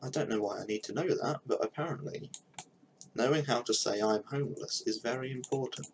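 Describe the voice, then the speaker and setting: A man's voice: medium pitch, a little fast, a little hiss or hum, low-quality recording. A young man thinking aloud in casual commentary while he builds a game map on a live stream, with mumbled asides as he works.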